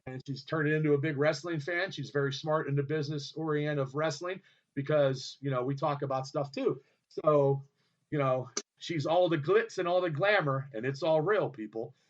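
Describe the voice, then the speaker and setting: A fairly high-voiced man hosts an internet radio show, rambling loudly through a story. He swears freely, trails off and starts his sentences again. The audio is dull and lo-fi, as if from a home studio. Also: moderate pace. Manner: excitable, loud and profane, often trailing off and restarting.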